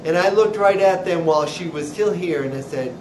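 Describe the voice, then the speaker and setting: A man who owns a deli, telling funny stories about his customers in an animated way. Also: high voice, a little fast, far from the mic. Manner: animated storyteller acting out customers. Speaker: deli owner. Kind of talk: storytelling. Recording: roomy echo with clear noise.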